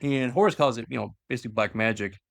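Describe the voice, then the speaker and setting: A man's voice: medium pitch, fast talker, creaky, no echo, clean studio sound. A man casually retelling a story in a loose, rambling way with many fillers. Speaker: lore explainer. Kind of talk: casual lore chat.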